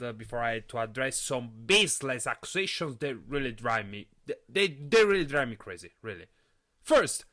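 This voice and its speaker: A young man hosting a live solo podcast, talking in an excitable way and often stumbling over and repeating his words. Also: medium pitch. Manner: animated, excitable. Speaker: podcast host.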